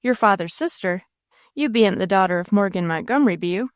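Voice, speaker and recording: A woman's voice: mid-range voice, lively intonation, brisk, clean tone, no echo, clean studio sound, close to an everyday voice. Woman reading as a blunt country innkeeper. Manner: folksy rural dialect. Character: big red-faced country innkeeper, blunt and curious.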